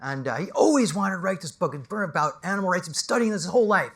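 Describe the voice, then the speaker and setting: A middle-aged man gives a motivational talk as an executive coach. His voice sits a little higher than most men's, and he tells stories with animated energy. He pushes up loud, then sinks to a near hush. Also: fast. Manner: animated, storytelling, swings from loud to hushed.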